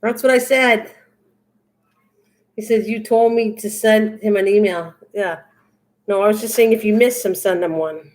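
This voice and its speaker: With a mid-range voice, a slightly slow delivery and long pauses, an older woman chats casually on her crafting livestream. She reads viewers' comments out loud and responds to them live.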